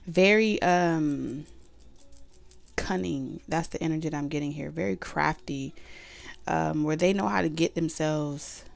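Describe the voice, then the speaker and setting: Chatty, slightly low-voiced woman tarot reader. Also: creaky, no room sound. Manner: chatty, loose and repetitive with many fillers. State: losing her voice. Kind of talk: casual tarot reading.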